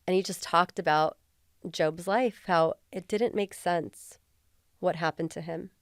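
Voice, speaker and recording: An earnest woman talks candidly as an interview guest, her voice sitting a little on the low side. She speaks in a heartfelt, filler-filled conversational way. The sound is dry and close, with no room echo. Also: fairly even intonation, unhurried. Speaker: podcast guest, former police officer.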